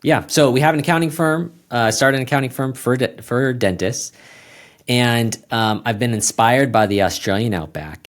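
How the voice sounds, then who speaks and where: A man's voice: medium pitch, normal speed. A man speaking as a guest accountant in a casual, rambling interview, often restarting his sentences. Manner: rambling, self-correcting, plain-spoken.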